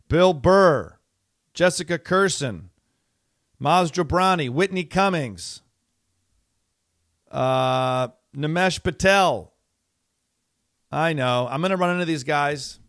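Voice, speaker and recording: A man's voice: a little high, fairly bright tone, dry recording, clean studio sound. A middle-aged man hosting a podcast, talking in a rambling, exasperated way with many fillers and restarts. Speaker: podcast host. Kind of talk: casual monologue.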